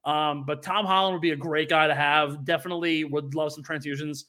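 A man's voice: on the high side, steady tone, brisk, bright, forceful tone. A young man co-hosting a podcast, chatting casually and telling a story with lots of fillers and restarts. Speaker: podcast co-host. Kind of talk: casual chat.

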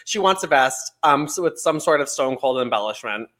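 Animated young man gossiping about wrestling. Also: mid-range voice, brisk. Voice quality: playful, laughs often, acts out quotes. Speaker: podcast co-host. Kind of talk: casual chat.

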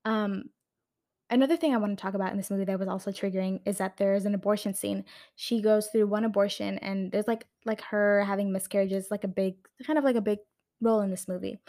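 A woman's voice: medium pitch, steady tone, fast talker, dark tone. Brief: young woman, casual vlog rant, fired up and profane, mid-range voice, camera mic at home. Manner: heated, swears often, many fillers and restarts. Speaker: video creator reviewing a film.

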